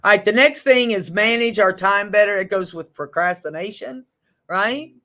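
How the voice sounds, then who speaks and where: A woman leading a group session on stress, talking frankly and in a lively way, with blunt asides. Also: mid-range voice, moderate pace. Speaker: group facilitator.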